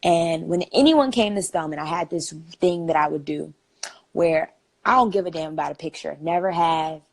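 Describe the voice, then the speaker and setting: A woman's voice: sits low, normal speed, creaky. A young woman in her twenties, a guest telling a story in a casual, chatty way with lots of "like" fillers.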